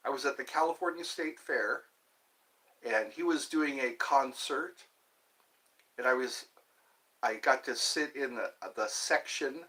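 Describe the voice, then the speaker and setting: A man's voice: mid-range voice, a little slow, long pauses, sharp tone. A man in his fifties rambling through a solo livestream, talking to himself and jumping from one topic to the next. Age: 50s. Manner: rambling, talks to himself, jumps between topics. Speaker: livestream host.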